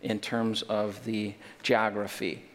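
A man's voice: on the low side, level tone, takes it slowly. Emphatic male preacher in a reverberant hall. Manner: emphatic, with joking asides and rising intensity. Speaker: pastor. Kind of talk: sermon. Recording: long reverb of a large hall.

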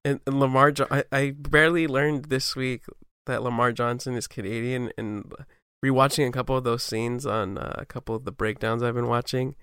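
A man with a smooth, resonant voice works through his thoughts on a show's themes, hedging and restarting as he goes. The delivery is casual and conversational. The recording is dry and close, with no room sound. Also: mid-range voice, level tone, moderate pace, hardly any pauses, fairly bright tone, no room sound. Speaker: podcast co-host. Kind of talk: casual analysis chat.

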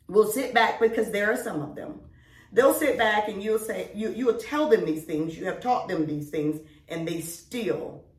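Animated woman chatting in a roomy space. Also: medium pitch. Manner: animated, emphatic storytelling. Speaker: co-host. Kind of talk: casual chat. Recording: roomy echo, distant mic.

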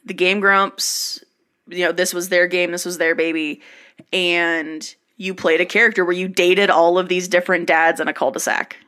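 A woman hosting a podcast, explaining things in a relaxed, rambling, casual way. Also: lowish voice, normal speed. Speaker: podcast host. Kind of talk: casual chat.

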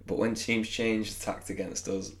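A man rambles through a casual football chat, laughing at himself as he goes. His voice is low and gravelly. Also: little pitch movement, normal speed. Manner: rambling, self-mocking, laughs often. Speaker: podcast co-host.

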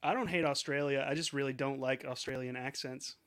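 Podcast dude just rambling, cusses a lot, keeps restarting, regular voice. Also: male voice, medium pitch, steady tone, brisk, a bit bright, clean tone. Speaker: podcast co-host. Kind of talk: casual chat.

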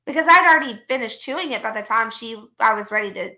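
A woman's voice: a little high, expressive, fast, bright, forceful tone, echoey room. A woman co-hosting a podcast, telling work stories in a blunt, profane, heated way. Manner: blunt and profane, retells arguments with heat. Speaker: podcast co-host. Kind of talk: casual storytelling chat.

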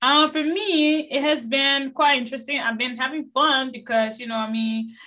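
A woman from Liberia co-hosting a podcast in casual, chatty conversation, lively and quick to tease her friend. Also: high-pitched. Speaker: podcast co-host. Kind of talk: casual chat.

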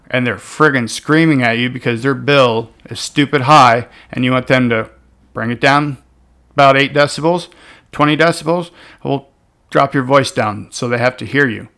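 A man talking casually and bluntly as he gives relationship advice, swearing now and then and punching key words loudly before dropping into softer asides. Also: mid-range voice. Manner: blunt, animated, swears casually, swings between loud emphasis and soft asides.

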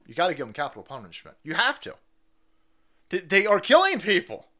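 A man's voice: high voice, wildly swooping pitch, a little fast, pushed and bright. A middle-aged man hosting a political livestream, ranting in a combative, profane way and laughing often. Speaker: livestream host.

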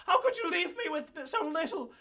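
Woman playing a shrill, loud, refined drunk socialite, accusing. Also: expressive, normal speed, full character voice. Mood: furious.

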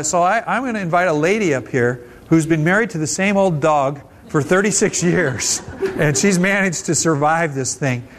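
A man's voice: on the high side, slight background noise. A man preaching a conversational, folksy sermon at a church service, often restarting his phrases. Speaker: pastor.

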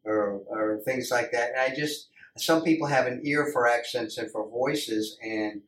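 A man's voice: mid-range voice, unhurried, fairly bright tone. A man hosting a casual chat, easygoing and chuckling, often restarting his sentences. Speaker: host. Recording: echoey room, mic at a distance.

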